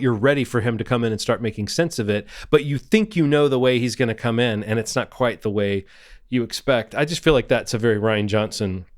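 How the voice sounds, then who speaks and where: A man's voice: fairly low pitch, no echo. Dry-miked man chatting about movies. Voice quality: hesitant, self-correcting. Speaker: podcast co-host. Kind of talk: casual movie podcast chat.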